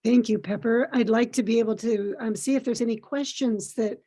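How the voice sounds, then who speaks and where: A woman's voice: on the high side, fairly even intonation, fairly quick, dark tone, breathy edge. A woman hosting a video call, friendly and inviting questions from the guests. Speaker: host.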